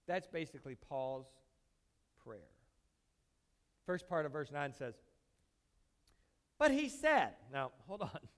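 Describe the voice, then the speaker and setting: Animated preacher, high voice. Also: male voice, unhurried, pauses often. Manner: animated, acts out pleading prayers, then drops low and quiet. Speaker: pastor. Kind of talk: sermon.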